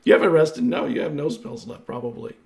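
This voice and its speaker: A man running a tabletop game as game master, lively and quick to laugh. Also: fairly high pitch, creaky.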